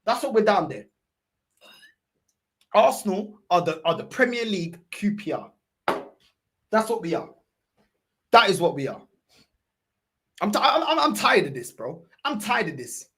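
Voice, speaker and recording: A woman's voice: medium pitch, very animated, unhurried, pauses often, a bit bright. A woman ranting about her football club in an exasperated, repetitive way. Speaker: football fan streamer. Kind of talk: ranting fan commentary.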